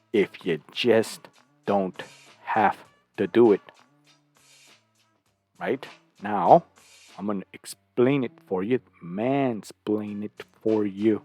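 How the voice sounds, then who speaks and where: Slow gravelly blunt man. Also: on the low side, darkish tone. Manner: blunt, crude, keeps asking "right?". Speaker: channel host reacting to clips. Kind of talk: blunt reaction commentary.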